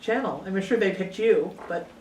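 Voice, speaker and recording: A woman's voice: mid-range voice, expressive, normal speed, warm tone. A woman hosting a radio talk show, laughing often as she asks her guest searching questions. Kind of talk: interview questions. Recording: roomy, distant radio studio sound with faint noise.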